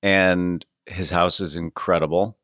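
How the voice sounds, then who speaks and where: A man's voice: sits low, steady tone, a little slow, fairly bright tone, no room sound. A man co-hosting a podcast, telling stories in a laid-back, dry way. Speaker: podcast co-host. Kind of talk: casual chat.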